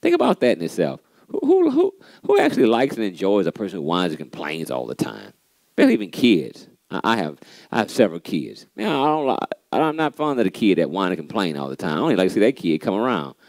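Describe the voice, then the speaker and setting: A man delivers an animated, preachy motivational pep talk at church, frequently saying "man," repeating key lines for emphasis, and adding playful sarcasm. He has a deep voice with vocal fry and a quick pace, recorded dry.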